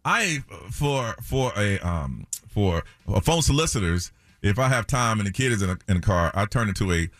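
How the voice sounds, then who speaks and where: Animated man hosting radio talk. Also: lowish voice, normal speed, no echo. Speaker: radio show host. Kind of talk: casual morning radio chat. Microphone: studio broadcast mic.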